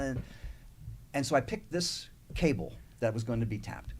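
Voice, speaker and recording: A male author on a small-town radio talk show tells a story at an even pace, and his voice sinks low and quiet when he confides. A faint noise hangs behind his voice. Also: moderate pace. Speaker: guest author. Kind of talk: casual radio interview.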